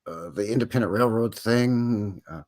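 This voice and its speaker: A man's voice: lowish voice, moderate pace, darkish tone. A Canadian man co-hosting a live stream, joking and chatty, tagging "eh" onto his sentences. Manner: joking, chatty, drops in "eh" often. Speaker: co-host. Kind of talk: casual live-stream chat.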